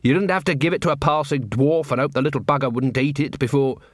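A man's voice: medium pitch, fast talker, no room sound, lightly acted. A man voicing a dry, world-weary middle-aged watch captain in an audiobook.

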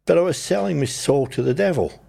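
An older New Zealand man recounts his life in a conversational testimony, his voice husky, slightly rough, on the high side, and fairly quick. He tells it animatedly, acting out his younger self and the other people in the story.

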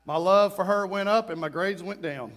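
A middle-aged man preaching a sermon, telling a story with lively, acted-out quotes and sudden outbursts. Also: high-pitched, normal speed. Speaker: pastor.

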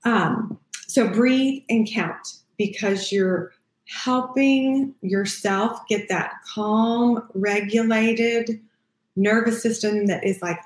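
A woman's voice: a little high, slow pace. A middle-aged woman hosting a parenting podcast as a child therapist, talking casually and acting out the things she says to kids. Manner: warm, conversational, acts out what she says to kids. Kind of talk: casual advice talk. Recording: echoey room.

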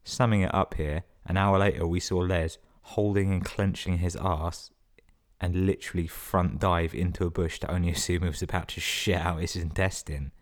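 A man's voice: sits low, fairly even intonation, normal speed. A man hosting a podcast, reading listener emails aloud and breaking in with sweary, sarcastic comments. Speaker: podcast host.

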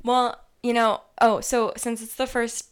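A woman's voice: a little high, little pitch movement, a little slow, smooth. A young woman co-hosting a casual podcast, rambling, laughing often and swearing freely. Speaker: podcast co-host. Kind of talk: casual chat.

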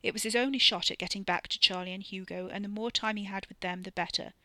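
A woman narrating a novel in an even, measured way. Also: medium pitch, no room sound. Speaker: audiobook narrator. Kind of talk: scripted narration.

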